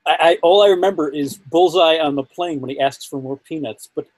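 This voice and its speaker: A man co-hosting a casual podcast, stammering and cutting in with quick remarks. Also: a little high, a little mellow, dry recording, rough recording. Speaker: podcast co-host. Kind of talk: casual chat.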